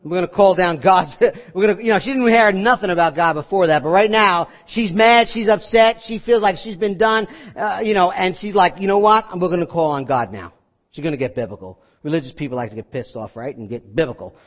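High-voiced man preaching a sermon. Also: fairly quick, few pauses, muffled recording. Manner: conversational preaching, animated, acts out scenes. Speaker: pastor.

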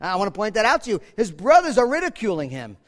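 A man preaching a sermon in a church, animated and dramatic, swinging from loud to hushed. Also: high-pitched, fast talker. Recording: echoey hall reverb.

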